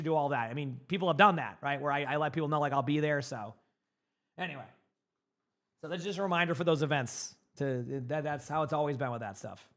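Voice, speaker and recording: A young man streaming and talking loosely to his chat, quick and a bit higher-pitched than most men. He rambles, stacks up fillers and stumbles over repeated words as he goes. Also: a bit bright. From Massachusetts.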